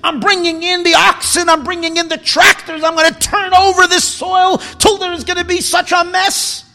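A furious farmer yells threats at his own field in a high, strained shout, as a preacher acts him out, each cry ringing through a big echoing hall. The voice is harsh and bright. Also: level tone, normal speed, vocal fry, exaggerated voice. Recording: long hall reverb.

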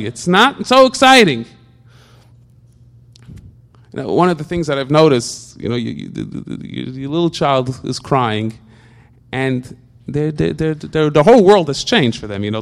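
A man giving an informal religious talk, full of rhetorical questions, often stuck repeating a word before going on. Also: sits high. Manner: repetitive stammering restarts, animated rhetorical questions.

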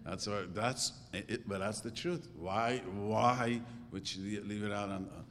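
A man's voice: a little slow, fairly bright tone. A middle-aged man giving a religious class, talking in a conversational way and acting out quoted thoughts. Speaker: religious teacher. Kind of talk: Torah class lecture. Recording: reverberant hall with faint rumble.

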